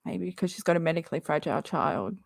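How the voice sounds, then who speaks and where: A woman's voice: low voice, animated, fast, creaky, a little hiss or hum. A woman hosting a casual reaction livestream, chatty and sarcastic, rambling and laughing often. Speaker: livestream host.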